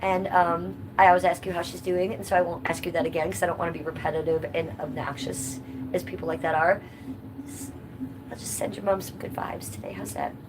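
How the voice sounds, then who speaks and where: A woman's voice: fairly low pitch, level tone, fairly quick, noisy background. A woman hosting a livestream, chatting casually and bluntly with viewers and swearing freely. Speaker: livestream host. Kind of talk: casual livestream chat reading comments.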